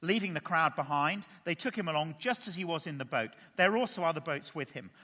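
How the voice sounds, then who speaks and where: A man preaching a sermon, animated and full of rhetorical questions to the congregation. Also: a little high, fairly quick. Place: church. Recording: reverberant church hall.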